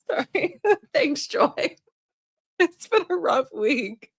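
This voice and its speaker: A woman's voice: extremely high pitch, big pitch swings, very slow, dry recording, studio quality. A young woman co-hosting a podcast, telling a story in a rambling, laughing, apologetic way. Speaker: podcast co-host. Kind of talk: casual chat.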